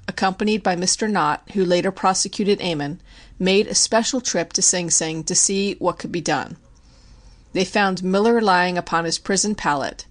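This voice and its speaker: Woman narrator with a slightly low voice, measured audiobook reading. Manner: measured, even storytelling. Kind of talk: scripted narration.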